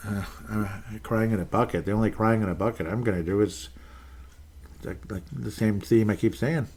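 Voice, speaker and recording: A man's voice: lowish voice, steady tone, normal speed, a little mellow, husky. A man hosting his own sports talk show, ranting in an exasperated, rambling way with sarcastic asides. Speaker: sports podcast host. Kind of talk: ranting solo commentary.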